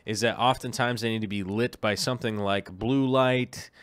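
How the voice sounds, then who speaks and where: A man hosts a casual live stream, talking through questions in a loose, rambling way, full of ums and self-corrections. His voice sits a little low and sounds smooth and clean. The recording is dry and close, with no room sound. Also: fairly even intonation, normal speed, a bit bright, dry recording. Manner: rambling, many ums and restarts. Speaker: aquarium show host.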